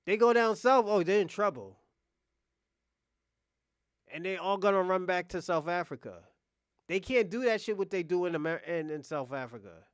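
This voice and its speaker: A man's voice: high-pitched, expressive, normal speed, long pauses, clean tone, dry recording, studio quality. A man hosting a reaction video, talking in a blunt, heated casual rant full of swearing.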